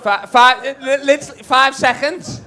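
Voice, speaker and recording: This man's voice is very high-pitched and steady, at normal speed, sounding pushed and bright with a little hiss or hum. He's doing live stand-up crowd work on a comedy club stage, bantering brashly with the audience and swearing freely, captured in a live club recording with the crowd.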